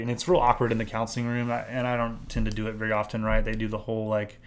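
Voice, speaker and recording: A man's voice: on the low side, completely flat delivery, very fast, hardly any pauses. A man co-hosting a podcast as a marriage counselor, talking earnestly and explaining things with frequent "right?" checks. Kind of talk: casual podcast chat.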